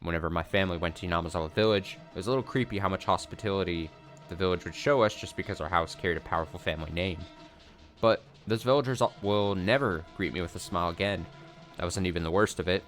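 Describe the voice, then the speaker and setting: A man reading a visual novel aloud for a let's play, with steady, earnest narration. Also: low voice, fast talker, faint music behind.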